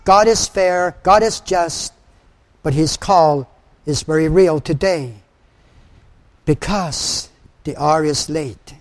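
An older male preacher with a high voice delivers a fervent sermon. He repeats his phrases for emphasis and quotes scripture in old-fashioned wording. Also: takes it slowly, long pauses.

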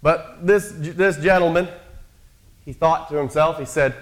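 A man's voice: a little high, a little slow. A man preaching a sermon in a conversational, storytelling way, acting out quotes from the characters he describes.

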